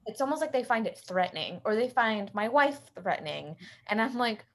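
A woman's voice: on the high side, very animated, fairly quick. A woman in a casual conversation, responding in a supportive, reflective way.

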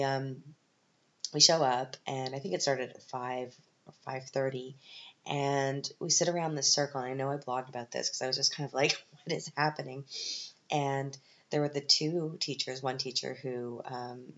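A woman's voice: a bass voice, lo-fi sound. A middle-aged Canadian woman telling rambling, wry stories on her podcast, with lots of ums and self-deprecating asides. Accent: Canadian English. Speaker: podcast host. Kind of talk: casual storytelling monologue.

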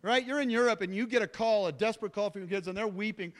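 A man's voice: high-pitched, fast, few pauses. A middle-aged man preaching a sermon, telling a story with jokey asides and acting out what people said. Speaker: pastor.

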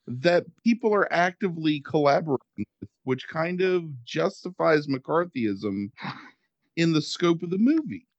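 A man co-hosting a podcast, sarcastic and animated in casual chat, mimicking voices for laughs. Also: on the high side, a little slow, dry recording, muffled recording. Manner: animated, sarcastic, mocking accents. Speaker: podcast co-host.

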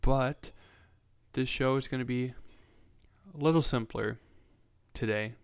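A man's voice: mid-range voice, slow, clear, resonant tone. A young man hosting his own podcast, rambling casually with profanity and self-mocking asides. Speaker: podcast host. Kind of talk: casual solo podcast chat.

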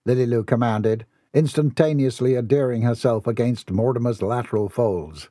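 A man's voice: fairly low pitch, normal speed, few pauses, dark tone, slightly rough, dry recording, studio quality. A man narrating a comic novel as an audiobook in a theatrical, wry manner. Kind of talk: scripted narration.

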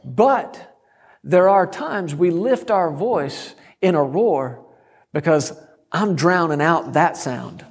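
A middle-aged man preaching a sermon, telling a story and breaking into sudden loud shouts. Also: a little high, animated, slow pace, slightly rough, in a large hall. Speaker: guest preacher.

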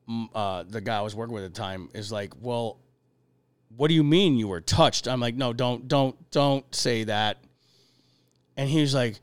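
A man hosting a podcast, telling stories in a profane, animated, casual way. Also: medium pitch, clear, resonant tone, no room sound. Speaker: podcast host.

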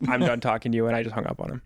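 A man tells a story from his job as a general manager at a brisk clip, at a middle pitch. His tone is wry, and he laughs as he quotes the people involved. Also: dry recording, clean studio sound. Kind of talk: casual storytelling.

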